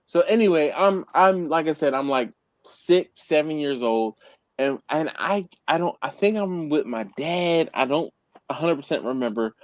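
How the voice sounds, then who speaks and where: A man's voice: fairly high pitch, lively intonation, normal speed, no echo. A man hosting a live chat, telling a childhood story in a rambling way with frequent laughs. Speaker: host. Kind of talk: casual live-stream chat.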